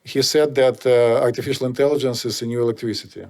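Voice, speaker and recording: Russian-accented male podcast host, mid-pitched, rambling explainer with lots of pauses. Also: steady tone, darkish tone. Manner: explanatory, meandering, hesitant with many pauses. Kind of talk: casual podcast chat.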